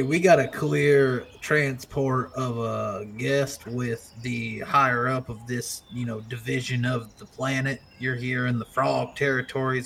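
Brief: male player, gravelly and easygoing, plain blunt delivery. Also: mid-range voice, fairly bright tone, slight background noise. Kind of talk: in-character tabletop play.

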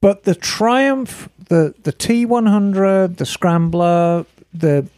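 A man's voice: high-pitched, slow, darkish tone, no room sound, clean studio sound. A man co-hosting a motorcycle podcast, chatting casually and telling rambling stories. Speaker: podcast co-host. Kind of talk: casual chat.

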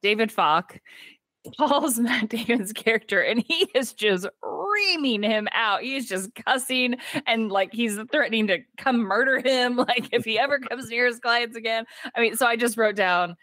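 A woman co-hosting a podcast, animatedly retelling a film's plot in casual chat and slipping into quick voiced quotes of the characters. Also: a little high, animated, bright, forceful tone, no room sound, clean studio sound. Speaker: podcast co-host. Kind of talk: casual movie recap chat.

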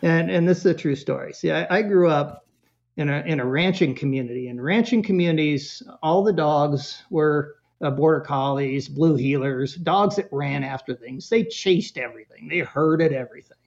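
A man chatting casually as a guest expert, animated and joking as he tells stories and acts out bits of dialogue. The audio is muffled and lo-fi, like a podcast recording. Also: on the high side, normal speed, vocal fry. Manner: animated storyteller, acts out voices, jokey. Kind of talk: casual interview chat.

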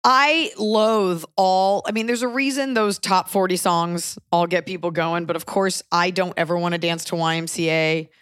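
A woman with a lowish voice hosts a casual podcast, spinning rambling, joking stories and tossing in the odd swear word. The mic is close and dry, with no room sound. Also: fairly even intonation, normal speed, few pauses, no room sound. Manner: chatty, loose storytelling with jokes and swearing. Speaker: podcast host. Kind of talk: casual chat.

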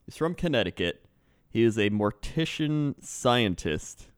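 Smooth-voiced male podcast co-host, rambling storyteller, dry close mic. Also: mid-range voice, sing-song, measured pace, no room sound. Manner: rambling, chuckling, loose. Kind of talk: casual storytelling chat.

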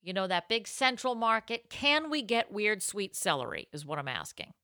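A woman's voice: mid-range voice, big pitch swings, moderate pace, sharp tone, no echo, studio quality. A woman co-hosting a live podcast in casual chat, giggling often as she reads listener comments aloud. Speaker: podcast co-host. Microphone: podcast mic.

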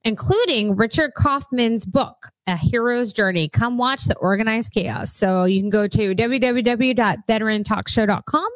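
A woman reading sponsor plugs on a casual podcast, loose and joking. Her voice sits a little high for a woman. The recording is dry and close. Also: moderate pace, hardly any pauses, dry recording. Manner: playful, laughs easily, joking asides. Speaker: podcast co-host.

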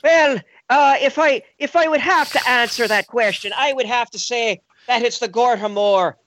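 A man's voice: very high voice, moderate pace, fairly bright tone, slight background noise, poor audio. A man doing a put-on Irish accent as a rambling, joking Irish character on a casual podcast, hesitating with many "uh"s. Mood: mock-serious. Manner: hesitant, full of "uh" and restarts. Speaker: podcast co-host.

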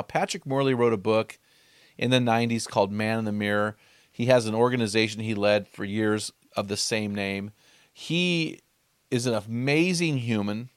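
A man's voice: medium pitch, no echo, clean studio sound. A man hosting a podcast, telling stories in a casual chat and acting out the quotes. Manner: animated storyteller, acts out quotes. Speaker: podcast host.

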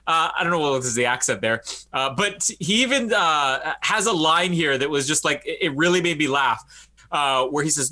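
A man co-hosting a casual movie podcast, laughing often and slipping into quick comic voices. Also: fairly high pitch. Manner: laughs often, animated, does quick funny voices for quoted characters. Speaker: podcast co-host. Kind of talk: casual movie-review chat.

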